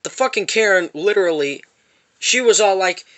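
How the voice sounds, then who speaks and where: A man's voice: high voice, animated, normal speed, fairly bright tone. A man telling an angry, profane story about a confrontation in a parking lot, repeating himself as he goes. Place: parked van.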